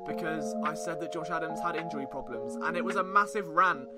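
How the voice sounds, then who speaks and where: A man's voice: fairly high pitch, fairly quick, over loud music. A young English man with an English accent, hosting a solo sports podcast in a playful, jokey, sing-song way. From England. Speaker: podcast host.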